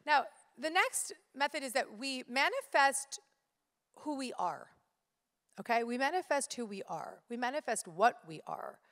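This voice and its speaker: A woman's voice: high voice, very animated, a little slow, a bit bright. A woman speaking live to an audience, telling stories with energy and addressing the crowd directly. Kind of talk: motivational live talk. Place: stage in a large hall. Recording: live hall with reverb.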